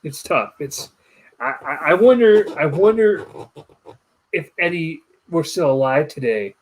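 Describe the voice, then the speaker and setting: A man's voice: a little high, unhurried, slight background noise. A young adult man hosting a casual podcast chat, telling stories and mimicking voices. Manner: storytelling, animated mimicking voices. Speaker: podcast host.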